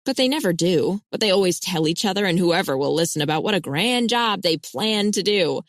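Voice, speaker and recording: Brief: woman reading a bubbly young woman, low voice, dry close read. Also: fairly quick, no echo, lightly acted. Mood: amused. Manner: lively, chatty. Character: cheerful young woman, teasing about her brothers.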